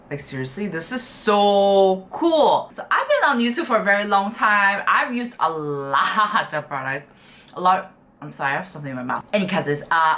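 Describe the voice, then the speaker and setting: A woman's voice: sits low, pushed and bright, a little hiss or hum. A young woman chatting casually to camera as she reviews skincare products, gushing and full of "you know" and "like". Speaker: beauty YouTuber.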